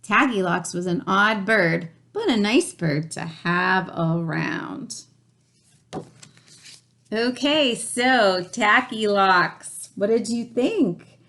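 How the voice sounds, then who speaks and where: Woman reading a picture book aloud to children; slow, gentle storyteller, mid pitch. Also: animated.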